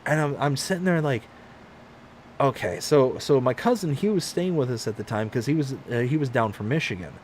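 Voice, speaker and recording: A man's voice: medium pitch, fairly quick, slight background noise. A man hosting a livestream, telling a long personal story in casual chat and acting out the voices of the people in it. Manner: animated, acts out quoted voices. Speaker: livestream host.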